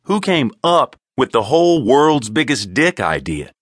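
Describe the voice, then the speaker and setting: A man voicing a nervous, sarcastic young man in an audiobook, pitched above his narrating voice. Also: animated, unhurried, pushed and bright, no room sound, clean studio sound, full character voice.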